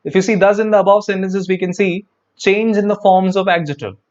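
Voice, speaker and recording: A man's voice: high-pitched, steady tone, a little fast, a little mellow, highs cut off. Chatty male English grammar teacher. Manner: chatty, repeats words, talks to viewers. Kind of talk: live online grammar lesson.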